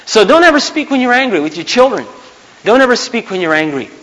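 A man's voice: high-pitched, big pitch swings, fast talker, fairly bright tone. A man in his thirties preaching a sermon as a pastor, earnest and emphatic, repeating his key points. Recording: long hall reverb.

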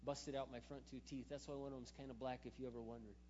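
Animated preacher in an echoing hall. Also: male voice, mid-range voice, fast. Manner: animated, swings between loud emphatic bursts and quiet asides. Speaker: pastor. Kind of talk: sermon storytelling. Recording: dull sound in a reverberant hall, faint hum.

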